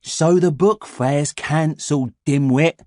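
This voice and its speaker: A man voicing a blunt, unimpressed schoolboy who talks in a flat, dismissive way. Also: fairly high pitch, very slow, no room sound, studio quality, pitched above the performer's own voice.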